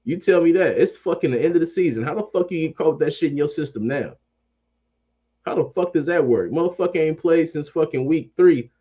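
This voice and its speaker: A man's voice: fairly high pitch, animated, brisk, mellow, breathy edge, lo-fi sound. A man ranting about sports as a fan commentator. He swears constantly, repeats phrases, and keeps up a heated, profane energy.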